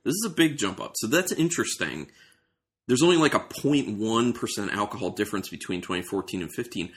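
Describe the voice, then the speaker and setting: A man's voice: lowish voice, expressive, brisk, fairly bright tone. A man hosting a casual beer tasting, describing aroma and flavor as he thinks aloud. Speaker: beer reviewer host.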